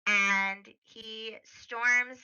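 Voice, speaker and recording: A woman narrating as game master of a tabletop game, pausing often with fillers. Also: on the high side, fairly even intonation, bright, forceful tone, clear, resonant tone, muffled recording. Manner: halting, full of fillers.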